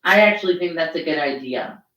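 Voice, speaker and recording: Mulher franca e brincalhona, fala casual com palavrões, voz um pouco grave, gravação com eco de sala. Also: female voice, low-pitched, lively intonation, fairly quick, a bit bright, reverberant, rough recording. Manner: blunt, profane, joking. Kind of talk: casual live chat.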